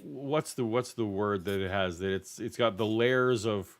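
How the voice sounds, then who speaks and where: A man hosting a casual podcast, talking in halting phrases and searching for words. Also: lowish voice. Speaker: podcast host. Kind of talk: casual chat.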